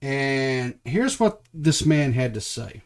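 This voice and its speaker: A man hosts a casual podcast in an ordinary mid-pitched voice. He talks loosely and haltingly, with plenty of fillers as he sets up each clip. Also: very animated. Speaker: podcast host.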